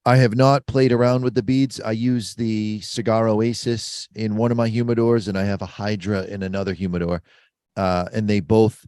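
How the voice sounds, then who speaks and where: A man's voice: fairly low pitch, darkish tone, smooth, no room sound, clean studio sound. A man hosting a casual podcast chat, explaining things in a confident, practical way. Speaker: podcast host. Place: mobile studio.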